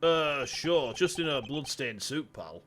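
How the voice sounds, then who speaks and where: A man voicing a gruff, loyal male police detective from a game, talking low and calling everyone "pal". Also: lively intonation, slow pace, fairly bright tone, a little hiss or hum.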